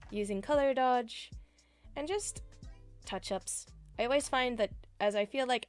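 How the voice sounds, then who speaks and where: A young woman artist talks through the final steps of a painting in a relaxed voice-over. Her voice sits slightly high and her tone is chatty and friendly, with soft music playing quietly underneath. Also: measured pace, clean tone. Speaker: artist and streamer. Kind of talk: voice-over narration. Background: background music.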